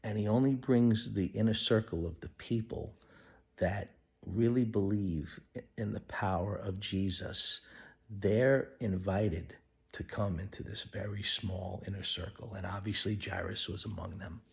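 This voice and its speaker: A man giving an earnest devotional Bible teaching, sometimes dropping to a hushed whisper. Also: lowish voice, fairly even intonation, unhurried, creaky, breathy edge. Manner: acts out quoted voices of people in the story. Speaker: pastor.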